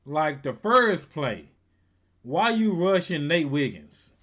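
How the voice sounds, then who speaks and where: Lively high-voiced man reacting casually. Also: takes it slowly. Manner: animated, laughs often, slangy and teasing. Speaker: streamer hosting a watch party. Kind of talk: casual live reaction chat.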